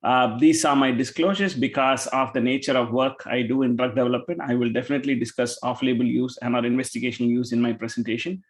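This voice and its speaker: A man's voice: mid-range voice, steady tone. Man presenting in an echoey room. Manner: measured, with filler pauses. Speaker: invited speaker. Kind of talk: scientific presentation. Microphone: video call. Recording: roomy echo.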